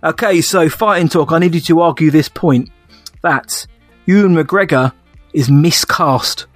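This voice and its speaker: A man co-hosting a casual podcast, with a voice a little higher than most men's. He jokes, laughs often and calls his friend mate. The sound is dry and close, with faint music behind him. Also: a little slow, dry recording. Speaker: podcast co-host. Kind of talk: casual chat.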